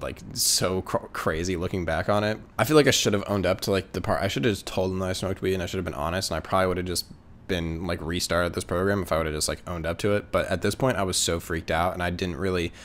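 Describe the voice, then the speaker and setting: A man's voice: low voice, fairly even intonation, fast talker, slight background noise. A young man telling a story casually, rambling with lots of fillers and swearing. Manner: rambling, filler-heavy, profane. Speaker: vlogger.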